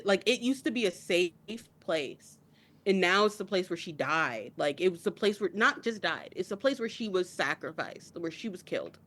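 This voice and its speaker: Emotional young woman co-host. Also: medium pitch. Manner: emotional, builds to tearful outbursts. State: crying. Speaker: podcast co-host. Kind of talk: casual chat.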